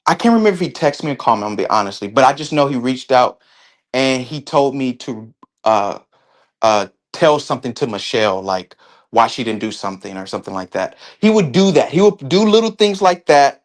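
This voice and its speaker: A man speaking as an interview guest in casual conversation, halting often and restarting his sentences. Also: medium pitch. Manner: halting, with many restarts and fillers.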